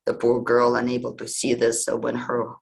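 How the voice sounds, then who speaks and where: A man with a gravelly edge to his voice hosts a podcast, telling old legends in an easygoing, rambling way. He circles back and corrects himself as he goes, in a conversational tone. His pitch sits in an ordinary middle range. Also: completely flat delivery, moderate pace, poor audio. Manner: conversational, meandering retelling. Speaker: podcast host. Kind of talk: casual storytelling.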